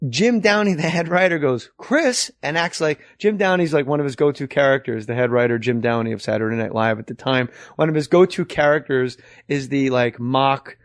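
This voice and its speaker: A middle-aged man hosting a podcast, telling comic stories in an animated way and acting out other people's voices. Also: medium pitch, brisk, few pauses, no room sound, studio quality. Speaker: podcast host. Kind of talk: comic storytelling.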